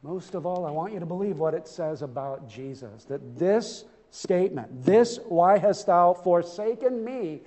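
A man's voice: high-pitched, unhurried, few pauses, mellow, big-room sound. A man preaching a sermon in a church, earnest and emphatic, often stumbling over repeated words as he restarts.

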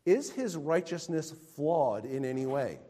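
A man preaching a sermon, swinging between loud proclamation and quiet, hushed emphasis. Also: fairly high pitch, animated, measured pace, in a large hall.

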